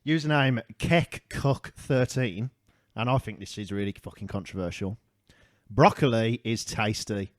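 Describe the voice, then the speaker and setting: A man's voice: lowish voice, unhurried, no room sound, clean studio sound. A man co-hosting a casual podcast, reading out listeners' food opinions and swearing freely. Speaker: podcast co-host. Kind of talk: casual chat. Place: small room, recording on a laptop. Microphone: headphones and mic.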